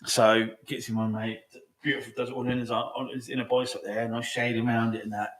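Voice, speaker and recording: A man's voice: mid-range voice, flat delivery, quick pace, a bit bright. A young man hosting a podcast, chatting casually, rambling and swearing often, with frequent "do you know what I mean". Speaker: podcast host. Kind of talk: casual chat.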